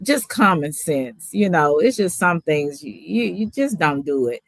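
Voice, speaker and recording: A woman hosting a casual panel chat, talking slowly and reflectively with lots of "you know" fillers. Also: deep voice, expressive, no room sound. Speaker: host.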